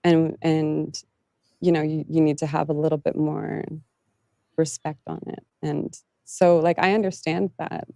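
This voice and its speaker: A woman giving an interview, speaking earnestly and haltingly with small laughs. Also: low voice, little pitch movement, gravelly, dark tone, dry recording, studio quality. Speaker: interview guest. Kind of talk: candid interview talk.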